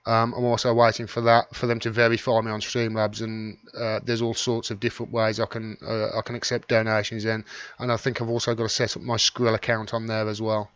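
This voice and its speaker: This YouTube live stream host is a middle-aged man with a Wolverhampton (Black Country) accent, from England's West Midlands, whose lowish voice is monotone, fairly quick, a bit bright and clean. He chats and rambles casually, naming and thanking commenters as he reads them out. The recording is dry and lo-fi.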